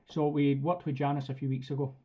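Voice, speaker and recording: A man's voice: medium pitch, level tone, brisk, highs cut off. A man teaching a live dog training class in a chatty, direct way. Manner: chatty and direct, acts out commands. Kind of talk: live online class talk.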